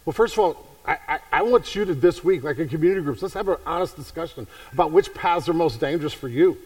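A man preaching a sermon in a conversational way, repeating himself and swinging from hushed to fervent. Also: fairly high pitch, animated, fast, far from the mic, low-quality recording. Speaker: pastor.

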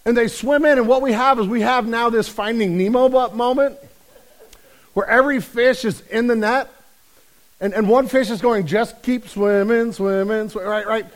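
Guy preaching, kinda high voice, jokey and chatty, does little voices for the people in the story. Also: normal speed, low-quality recording. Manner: lively storytelling, acts out quoted voices; humorous, conversational preaching. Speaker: pastor. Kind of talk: sermon.

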